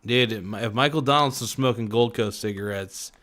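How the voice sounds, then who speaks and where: A man's voice: medium pitch, a little fast, a bit bright. Laid-back guy chatting to his stream. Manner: laid-back, chatty, talks to viewers in chat, frequent "man" and "dude". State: sore voice. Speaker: livestream host. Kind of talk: casual rambling livestream chat.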